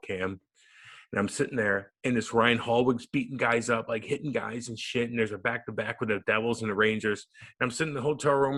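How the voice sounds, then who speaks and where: A man in his thirties, a podcast guest, telling stories in a lively, profane way and acting out quotes. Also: mid-range voice. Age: 30s. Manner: animated, profane, acts out quotes. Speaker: podcast guest, former hockey player. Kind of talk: casual storytelling interview.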